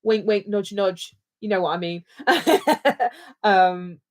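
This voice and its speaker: A woman's voice: medium pitch, lively intonation, slow pace. A British woman co-hosting a casual livestream, chatting in a rambling, jokey way. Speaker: livestream co-host.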